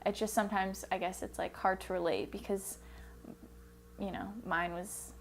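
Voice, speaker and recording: A woman's voice: mid-range voice, fairly even intonation, normal speed, slight background noise. A young woman telling her story in a documentary interview, rambling and full of fillers. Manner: rambling, lots of likes and ums.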